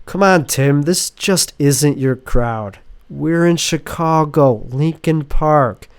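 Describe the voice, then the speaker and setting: A man doing a calm, easygoing comedian friend. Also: a little high, takes it slowly, clean tone. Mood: reassuring. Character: stylish young male comedian friend, calm, sensible.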